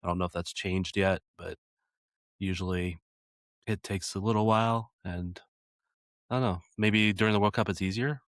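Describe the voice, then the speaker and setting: A man's voice: deep voice, steady tone, moderate pace, pauses often, fairly bright tone, no echo. An American man co-hosting a soccer podcast, talking in a dry, matter-of-fact way in casual chat. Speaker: podcast co-host.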